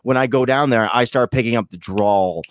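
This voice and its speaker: A man from Vermont with a Vermont accent, hosting a podcast interview over a video call in a loud, boisterous, joking way, swearing freely. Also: mid-range voice, moderate pace, dry recording, studio quality. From Vermont, USA. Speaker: podcast host. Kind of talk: casual interview chat.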